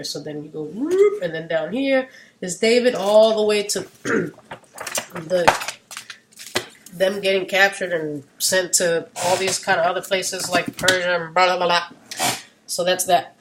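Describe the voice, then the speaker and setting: A woman vlogger talking casually, wandering off into side rants, losing her train of thought, and getting loud at times. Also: mid-range voice, noisy background. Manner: animated, gets loud at times. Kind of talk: casual rambling monologue.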